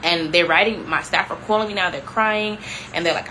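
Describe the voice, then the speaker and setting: Bright, animated young woman vlogger. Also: mid-range voice, fairly quick, a little hiss or hum, low-quality recording. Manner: animated, peppered with "like", addresses viewers as y'all. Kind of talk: casual storytelling chat.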